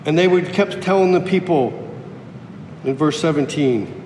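A man's voice: normal speed, pauses often, a little mellow. A man preaching a sermon emphatically, repeating key phrases for effect. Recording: echoey hall with faint rumble.

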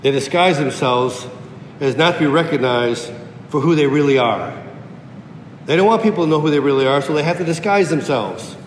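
With lively intonation at a normal speed, a preacher drives his sermon home emphatically by repeating key phrases. The recording comes from an echoey hall with a faint rumble.

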